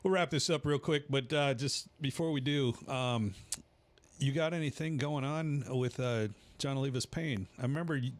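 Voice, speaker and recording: A man's voice: medium pitch, moderate pace. A male host in a casual interview, giving short, affirming replies.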